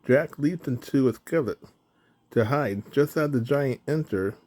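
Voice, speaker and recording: A man narrating a children's storybook in a slow, even reading. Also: mid-range voice.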